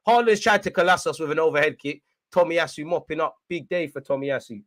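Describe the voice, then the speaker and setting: A young man giving live fan commentary on a football match, shouting at the referee and players and urging his team on. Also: on the high side, a little fast. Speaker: football watchalong host.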